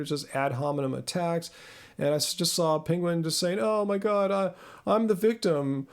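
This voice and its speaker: A man's voice: on the high side, vocal fry. A man in his thirties hosting a casual live-stream Q&A, rambling and self-deprecating as he answers viewers. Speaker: host.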